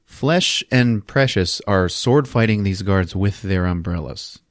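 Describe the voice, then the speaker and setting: A man's voice: low voice, lively intonation, unhurried, no echo, studio quality. A man hosting a podcast, casually recapping a movie in an amused, chuckling way.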